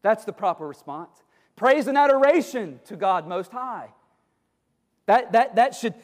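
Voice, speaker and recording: A pastor preaching with a strikingly high voice and an emphatic, repetitive delivery, stressing words again and again. His sermon rings through a church sanctuary with a long hall reverb trailing each phrase.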